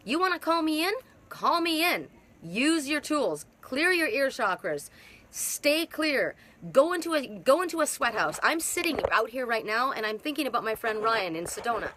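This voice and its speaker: A woman's voice: fairly high pitch, pushed and bright. A middle-aged woman giving an emphatic, repetitive spiritual monologue as a twin soul facilitator, speaking outdoors. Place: outdoors in hot humid weather.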